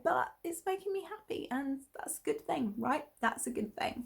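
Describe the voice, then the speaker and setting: Her voice sits high and sounds animated, with vocal fry, a moderate pace and almost no pauses. She's a woman from Essex, England, hosting a podcast as a rambling, chatty conversation packed with ums and little laughs.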